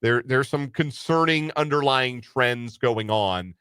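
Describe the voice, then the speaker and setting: Bright-voiced man hosting sports radio. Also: medium pitch, takes it slowly, clear, resonant tone, dry recording. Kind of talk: casual sports radio chat.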